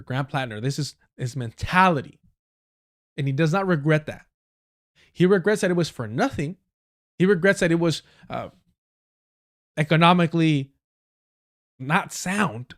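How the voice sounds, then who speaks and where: A man's voice: a little high, lively intonation, unhurried, pauses often. A man hosting a live stream, reacting to clips in heated, sarcastic, profanity-laced commentary. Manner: heated, sarcastic, swears a lot. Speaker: livestream commentator.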